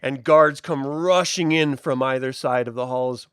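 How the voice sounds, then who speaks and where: A man's voice: medium pitch, unhurried, fairly bright tone, clear, resonant tone, no echo, studio quality. A man narrating a tabletop game as game master, in a loose, rambling way with many likes and restarts.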